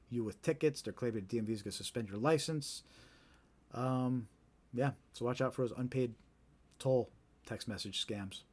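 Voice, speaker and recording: Man hosting a casual live stream. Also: mid-range voice. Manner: informal, thinks aloud with fillers and restarts. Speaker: host. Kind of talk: live stream talk, reading viewer reports.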